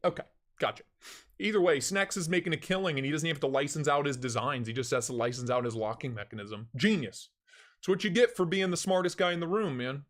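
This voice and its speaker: A young man hosting a live stream, chatting casually in an excitable, slangy way. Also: a little high. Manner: excitable, slangy, loud bursts when retelling. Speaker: knife channel host.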